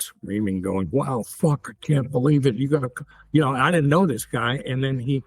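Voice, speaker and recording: A man in his seventies from the United States, appearing as a guest actor in a casual interview, rambles through stories with many restarts and fillers. His mid-range voice is a little mellow and slightly rough.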